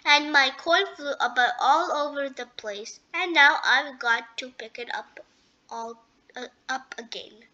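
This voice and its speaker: A woman's voice: sits high, unhurried, bright, forceful tone, muffled recording. A woman voicing a flustered hen in a storybook, squawking and fretting. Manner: squawking, frightened.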